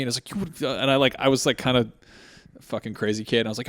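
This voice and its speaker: Racing along in a mid-range voice, this podcast co-host in his thirties tells a story in casual conversation. He swears a lot and narrates in a profane, animated style.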